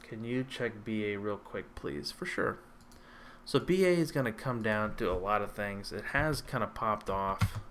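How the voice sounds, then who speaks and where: Low-voiced man chatting casually about trading. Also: fairly bright tone, slight background noise. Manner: conversational, hesitant with many ums and restarts. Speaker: stock trading livestream host. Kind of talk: casual livestream chat answering viewer questions.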